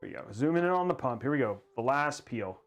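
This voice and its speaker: A man hosting a casual livestream while building a PC, excitable and rambling as he hypes the viewers' goals. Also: mid-range voice, fast talker, faint music behind.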